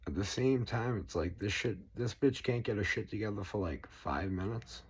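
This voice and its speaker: Deep-voiced man, forties, angry rambling rant, heavy swearing. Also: lively intonation, normal speed, slightly rough. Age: 40s. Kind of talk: ranting monologue.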